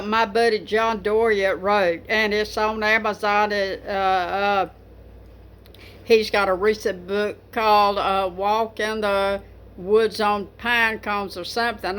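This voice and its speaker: A woman's voice: mid-range voice, a bit bright. A woman talking casually to camera about writing poetry, rambling with many fillers and restarts. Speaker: poetry vlogger.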